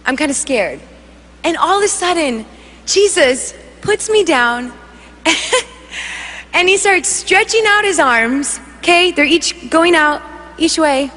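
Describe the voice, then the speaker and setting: Young woman, high bright voice, animated storyteller at a church stage mic, long hall reverb. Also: slow pace. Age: young adult. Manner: animated storytelling, acts out voices, laughs often. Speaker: worship leader giving testimony. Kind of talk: testimony preached to a congregation.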